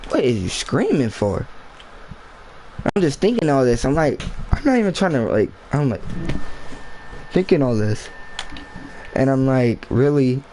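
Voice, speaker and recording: A man's voice: medium pitch, darkish tone, slight background noise, poor audio. A man telling a school story in a rambling, slangy, casual storytime vlog. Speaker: vlogger.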